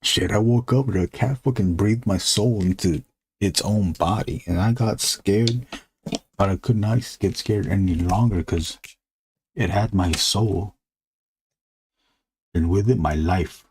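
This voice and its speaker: A man's voice: on the low side, a little slow, long pauses, darkish tone, a little hiss or hum. A man hosting a drawing live stream, chatting casually in a rambling, joking way and swearing freely. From United States. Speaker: artist and live stream host.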